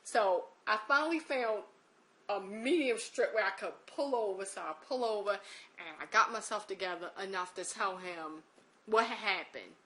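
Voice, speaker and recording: A woman telling a personal story in a lively, emotional way, acting out the quotes. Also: medium pitch, normal speed, slight background noise. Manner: animated, emotional retelling with acted-out quotes.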